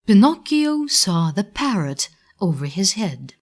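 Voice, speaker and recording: Very slow Russian-accented woman reader. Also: fairly low pitch. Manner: clear, deliberate, expressive. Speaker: narrator. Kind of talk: slow storybook reading for English learners.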